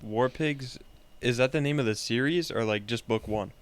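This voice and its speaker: A man's voice: medium pitch, moderate pace, no echo. A man in casual podcast chat, jumping in with questions. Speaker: podcast co-host.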